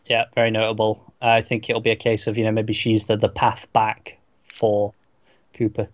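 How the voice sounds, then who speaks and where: A man co-hosting a casual TV review discussion, relaxed and agreeable. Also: fairly low pitch, moderate pace, dull audio. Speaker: podcast co-host.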